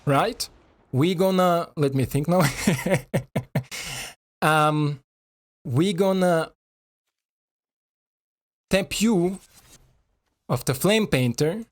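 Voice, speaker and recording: A man giving casual, excitable commentary over a card game, swearing and talking to his viewers in non-native English. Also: a little high, very slow, long pauses.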